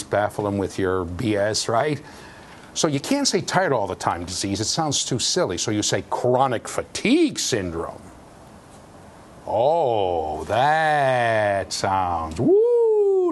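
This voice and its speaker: Animated joking male lecturer. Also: lowish voice, a little hiss or hum. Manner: animated, jokey, sudden loud outbursts. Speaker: university lecturer. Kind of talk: classroom lecture. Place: lecture hall.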